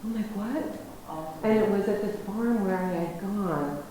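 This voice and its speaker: A woman's voice: medium pitch, normal speed, dark tone, faint music behind. Rambling American woman in an echoey hall. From United States. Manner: rambling, self-interrupting, many restarts. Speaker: guest lecturer. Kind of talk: personal storytelling lecture. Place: lecture hall. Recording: very echoey hall, faint noise.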